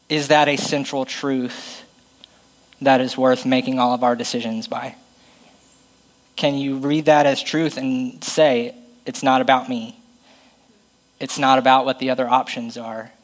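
A man's voice: medium pitch, level tone, takes it slowly, pauses often, low-quality recording. A man preaching a conversational, self-deprecating sermon and reading Bible passages aloud.

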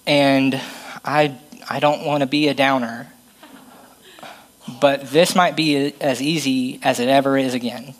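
A man's voice: medium pitch, steady tone, unhurried, pauses often, poor audio. Man preaching a casual sermon. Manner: conversational, self-deprecating preaching with Bible reading.

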